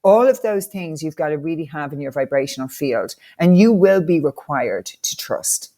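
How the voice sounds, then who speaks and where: An Irish woman coach, appearing as a guest on a conversational podcast, tells stories with enthusiastic, motivational energy. Her mellow voice sits low, with lively intonation at a normal speed.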